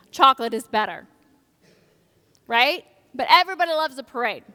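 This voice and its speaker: A woman preaching a conversational sermon during a live church service. Her delivery is animated, swinging between loud excitement and hushed, grave moments. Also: high-pitched. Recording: long church reverb.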